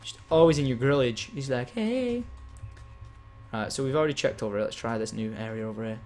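A man giving excitable live gameplay commentary as a game streamer, chatting with and thanking his viewers. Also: medium pitch, fast talker, soft background music.

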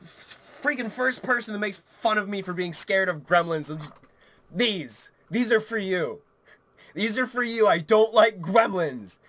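A young man commentating a horror game let's play, panicky and swearing, swinging between shouts and hushed muttering. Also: sits high, expressive, unhurried. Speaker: gaming YouTuber.

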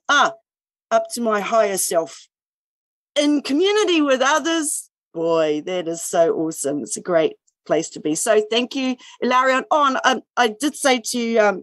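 A woman's voice: fairly high pitch, no echo. A woman with a New Zealand accent, talking earnestly on a video call in a sharing circle, with many fillers and restarts. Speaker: indigenous speaker in a sharing circle. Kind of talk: casual online sharing circle talk.

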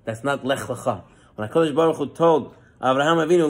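A man's voice: quick pace, husky. A man giving a sermon as a rabbi, telling stories and acting out the quoted lines. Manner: storytelling with lively acted quotes and frequent rises in pitch.

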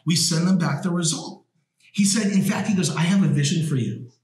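A man's voice: fairly high pitch, fairly quick. A man, a guest entrepreneur, telling stories with energy, swearing and acting out the quotes. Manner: animated, swearing, repeats words, acts out quotes. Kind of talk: energetic storytelling conversation. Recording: echoey room.

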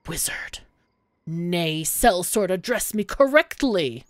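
A woman's voice: lowish voice, animated, slow, no room sound, clean studio sound. A woman putting on a pompous theatrical male mage. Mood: haughty. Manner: archaic theatrical speech.

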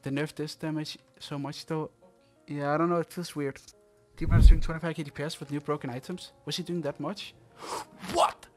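A man's voice: a little high, little pitch movement, fairly quick, faint music behind. A man commenting on gameplay, puzzled and reading game text aloud. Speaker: streamer.

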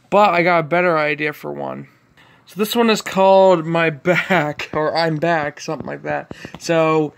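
A man's voice: on the high side, gravelly, a bit bright, smooth. A man hosting a casual reaction video, chatty and easily amused, laughing often between remarks.

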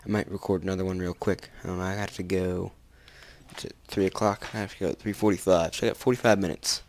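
A man's voice: deep voice, fairly even intonation, quick pace, a little hiss or hum. A young man casually commentating his video game playthrough, rambling with frequent ums and out of breath. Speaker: gamer. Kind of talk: let's play commentary. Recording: game music loud behind voice.

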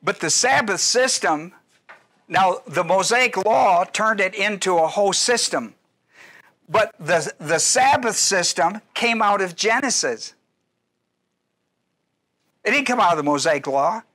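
A man's voice: high voice, pushed and bright. A male pastor teaching a Bible study class in a conversational, digressive way, often restarting sentences and asking the audience questions.

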